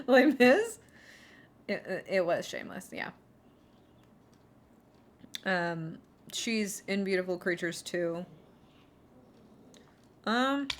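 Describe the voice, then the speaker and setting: A woman's voice: mid-range voice, a little hiss or hum. Rambling, sarcastic woman streamer. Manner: rambling, sarcastic, heavy on fillers. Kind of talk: casual chat on a livestream.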